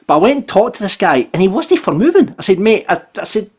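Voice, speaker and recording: A man with a Scottish accent hosting a football podcast, telling stories in a chatty, animated way and often tagging "right?" onto his sentences. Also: fairly high pitch, fast, husky. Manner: animated storyteller, repeats "right?". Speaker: podcast host. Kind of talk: casual football podcast chat.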